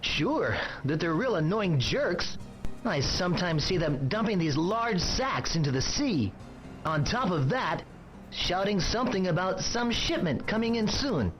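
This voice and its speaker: A sing-song grumbling harbor local. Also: male voice, high voice, big pitch swings, a little slow, a bit bright, faint music behind, heavily acted. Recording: dull lo-fi game audio.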